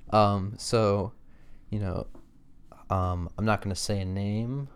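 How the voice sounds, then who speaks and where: A man's voice: lowish voice, fairly even intonation, slow pace, clean tone. A man who works at a restaurant, rambling through a work story in casual chat and acting out what people said. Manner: rambling storyteller, lots of likes, acts out quotes. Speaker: restaurant worker telling a story.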